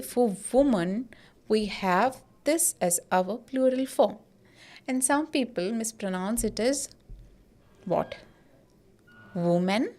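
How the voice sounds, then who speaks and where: A woman teaching pronunciation, explaining in a slow, deliberate classroom manner and often checking in with "okay?" and "got it?". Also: mid-range voice, a little mellow.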